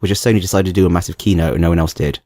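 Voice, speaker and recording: A man with a London accent co-hosting a podcast in casual chat, animated and quick to laugh. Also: low voice, no echo, clean studio sound. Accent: London English. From London, England. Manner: animated, laughs often, acts out voices. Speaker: podcast co-host.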